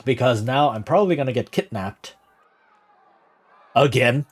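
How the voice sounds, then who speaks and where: A man's voice: medium pitch, lively intonation, normal speed, husky. A man streaming a video game, chatting casually and laughing as he comments on the story.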